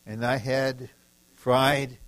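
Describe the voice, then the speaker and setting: A man's voice: medium pitch, flat delivery, drawn-out words, a bit bright, dry recording, low-quality recording. A man from the Detroit area preaching a sermon, emphatic and repetitive, acting out short quoted lines. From Detroit area, USA.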